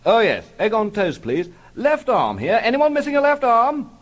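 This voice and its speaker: A man voicing a brusque, harried wartime policeman who shouts impatient questions. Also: a little high, big pitch swings, quick pace, voice pushed up.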